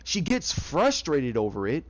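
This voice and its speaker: A man's voice: medium pitch, wildly swooping pitch, measured pace. A man giving casual, rambling fan commentary, often restarting sentences and acting out quotes from scenes.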